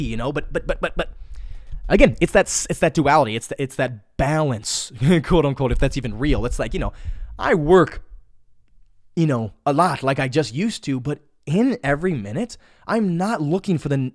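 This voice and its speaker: A man's voice: mid-range voice, no echo, clean studio sound. A young man hosting a casual solo podcast, rambling with lots of swearing, repeated words and restarts. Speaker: podcast host. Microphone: studio mic.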